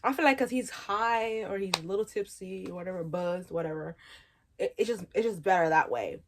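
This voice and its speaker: A woman's voice: medium pitch, a little fast, background noise. Frank, slangy young woman vlogger. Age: 20s. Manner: frank, slangy, laughs at her own jokes. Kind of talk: casual chat.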